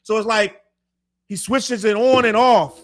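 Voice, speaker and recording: A man hosting a podcast, making his case in casual chat, insistent and quick to cut in with repeated objections. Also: sits high, steady tone, a crowd in the background. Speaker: podcast host.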